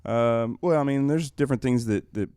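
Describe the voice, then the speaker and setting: A man guest answering questions in a casual interview, hesitant with many pauses and fillers. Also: mid-range voice, dark tone, smooth, dry recording, clean studio sound. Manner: hesitant, lots of fillers, laughs easily.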